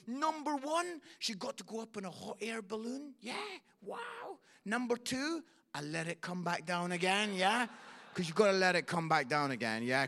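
A Scottish man doing a stand-up comedy routine, telling a story in a chatty way and keeping the audience involved with quick "yeah?" check-ins. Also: high voice, sharp tone. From Scotland.

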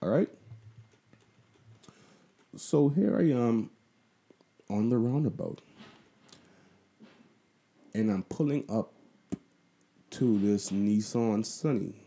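A man's voice: lowish voice, expressive, slow, gravelly, pauses often, dark tone. A young Bahamian man with a Bahamian accent, telling a story in a casual, profane, rambling way, full of asides. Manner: profane, loose and conversational, with lots of asides. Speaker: vlogger.

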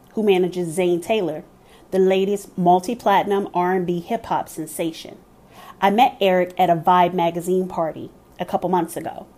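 A woman's voice: lowish voice, a little mellow. A woman giving scripted first-person narration of a story, telling it in a candid, wry way.

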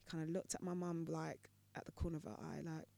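A woman's voice: low-pitched, fast, gravelly, no echo, studio quality. A woman co-hosting a casual podcast chat, telling stories animatedly and acting out voices. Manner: animated storyteller, acts out voices. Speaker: podcast co-host.

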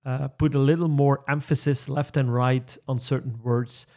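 Male trainer, conversational, halting with fillers and restarts, laughs easily. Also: medium pitch, fairly even intonation, mellow. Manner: hesitant, many restarts and fillers, chuckles often. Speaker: presentation trainer. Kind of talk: conversational podcast chat.

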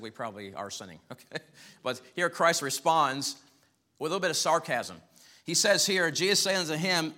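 Bright-voiced male preacher. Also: on the high side. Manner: conversational, chuckles often, voice rises sharply when acting out questions. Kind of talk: sermon.

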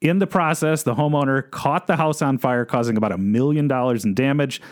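A man's voice: mid-range voice, brisk. A man co-hosting a real estate podcast, chatting casually and reading oddball news stories in a newsreader manner. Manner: reads news items in a mock radio style. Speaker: podcast co-host.

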